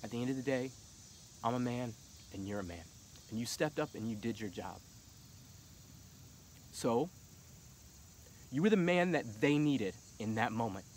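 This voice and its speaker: A man's voice: medium pitch, lively intonation, normal speed, pauses often, a little mellow, a little hiss or hum. A man in his thirties giving an earnest casual monologue as a vlogger, at times getting heated as he urges his point. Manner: earnest, rising to heated urging.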